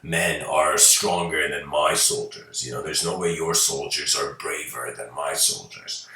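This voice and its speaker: A man's voice: rumbling low, unhurried, sharp tone, very echoey, voice pushed down, full character voice, poor audio. A man doing a boastful drunken general. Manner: blustering, boasting.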